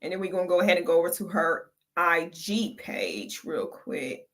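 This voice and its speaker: Bright, chatty woman reacting to videos. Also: on the low side, big pitch swings, normal speed. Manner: chatty, gossipy, laughs often. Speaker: reaction channel host. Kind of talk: casual reaction commentary.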